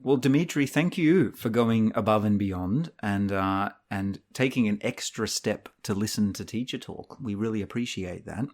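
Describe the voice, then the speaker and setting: A man co-hosting a teaching podcast in casual, jokey banter, quick to laugh. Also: fairly low pitch, darkish tone. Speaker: podcast co-host, English teacher.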